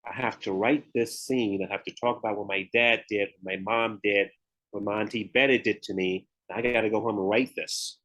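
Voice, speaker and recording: A man's voice: on the low side, steady tone, moderate pace, a bit bright, rough recording. A man with a Southern US accent, a guest on a podcast, telling his story candidly and laughing often. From Memphis, Tennessee, US Southern. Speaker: guest, retired pro bodybuilder and author. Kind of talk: podcast interview.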